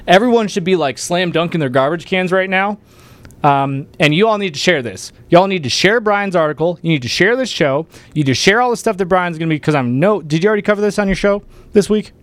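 A man's voice: high voice, expressive, fairly quick, no room sound. A man hosting a political livestream, talking casually and getting fired up, with emphatic rallying calls. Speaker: livestream show host.

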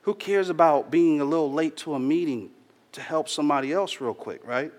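A man's voice: on the high side, a little fast, darkish tone. Slangy preacher man in a reverberant church. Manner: casual storytelling preacher, slangy and earnest. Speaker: pastor. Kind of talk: sermon. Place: church hall. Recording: long hall reverb.

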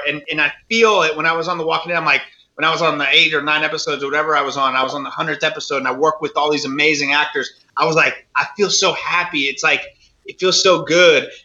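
A man's voice: fairly high pitch, steady tone, fairly quick, pushed and bright, muffled recording. A male actor guest on an interview, telling stories animatedly and acting out quoted voices, with many restarts. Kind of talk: casual storytelling interview.

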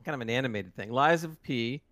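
A man's voice: medium pitch, fairly quick, no room sound. A man co-hosting a casual gaming podcast, reading out award nominees with chatty asides. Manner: animated, reads lists with asides.

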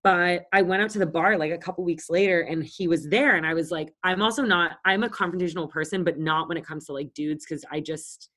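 A woman's voice: fairly low pitch, steady tone, a little fast, few pauses, a bit bright. A woman around thirty, co-hosting a podcast and telling stories in a casual, blunt and profane way. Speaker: podcast co-host. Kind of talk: casual chat.

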